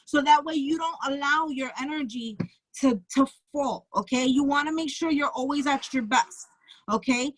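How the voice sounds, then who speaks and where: This tarot reader's high voice moves at a normal speed, captured in a dry recording with poor audio. Speaking with a Bronx New York accent during a live-stream reading, she stays casual and blunt, swearing freely and repeatedly asking "okay?"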